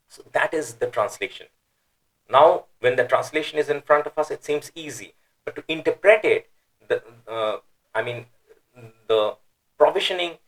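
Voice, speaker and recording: A man's voice: mid-range voice, low-quality recording. Man patiently explaining, with emphatic intonation. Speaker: Quran teacher. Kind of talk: explanatory lecture.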